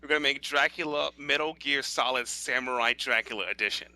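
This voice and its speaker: A man's voice: medium pitch, a little fast, pushed and bright, no echo. A man co-hosting a podcast, teasing the others in casual chat. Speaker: podcast co-host.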